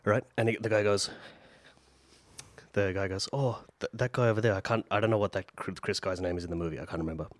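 Low-voiced rambling male storyteller. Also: fairly even intonation, quick pace, no room sound. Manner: rambling storyteller, acts out characters' lines. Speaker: podcast co-host. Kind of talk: casual chat.

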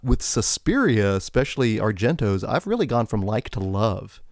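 A man's voice: fairly low pitch, sing-song, normal speed, a little mellow, no room sound, clean studio sound. A man co-hosting a podcast in casual chat, eagerly talking up upcoming episodes and events. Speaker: podcast co-host.

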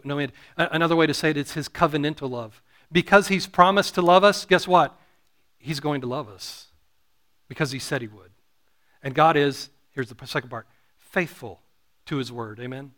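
A man's voice: fairly high pitch, fairly bright tone. A man preaching a sermon, earnest and explanatory, often restarting phrases and asking the congregation to answer "Amen?". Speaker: pastor.

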